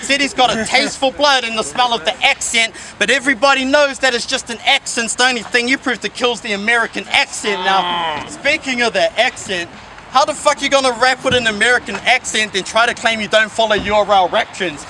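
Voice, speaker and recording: Brash high-voiced New battle rapper. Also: male voice, brisk, pushed and bright, slight background noise. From New Zealand. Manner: aggressive, mocking, profane. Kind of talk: rap battle verse. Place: outdoors by a skate park.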